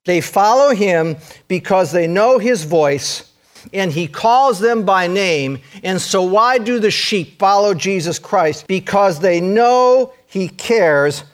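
A man preaching a sermon, earnest and repetitive, shifting between loud urging and hushed, intense passages. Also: high voice, expressive, takes it slowly. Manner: repeats phrases for emphasis.

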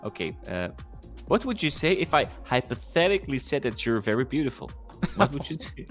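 A man as a podcast guest in casual chat, easygoing and quick to agree. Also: medium pitch, big pitch swings, fairly bright tone, faint music behind. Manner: agreeable, repeats short affirmations.

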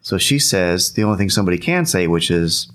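A man's voice: low-pitched, big pitch swings, fairly quick, a bit bright. A man casually telling a long anecdote, laughing often, repeating himself, and acting out what people said.

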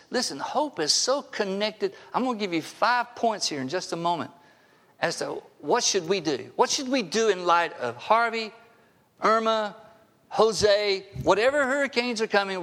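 A man's voice: high voice, expressive, normal speed, fairly bright tone. A man in his sixties preaching a sermon in a church sanctuary, conversational with wry asides. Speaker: pastor. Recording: long hall reverb.

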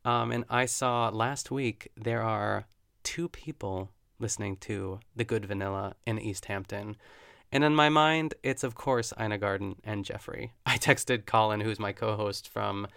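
Chatty male podcaster with gravelly voice. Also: on the low side, a little slow, fairly bright tone, dry recording, studio quality. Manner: chatty, gushing, self-deprecating asides. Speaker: podcast host. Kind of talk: casual solo podcast recap.

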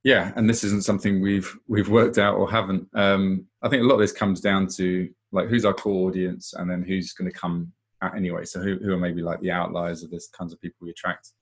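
A man co-hosting a live webinar, talking in a reflective, low-key way in a casual discussion. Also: little pitch movement, a little fast, hardly any pauses, husky.

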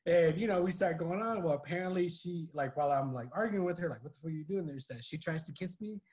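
A man's voice: a little high, fast talker, darkish tone. A man co-hosting a podcast in casual chat, rambling through stories full of "like" and "you know". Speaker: podcast co-host.

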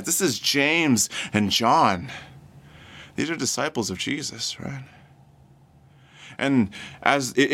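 A man preaching a sermon who retells a scripture scene as a vivid story and acts out the people in it. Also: mid-range voice. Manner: animated, acts out scenes in quoted voices.

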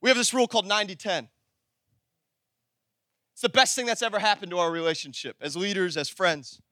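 A man preaching a sermon as pastor, animated, calling out to the congregation, then dropping into low conversational asides. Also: a little fast, no room sound, studio quality. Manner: talks to the congregation directly, conversational.

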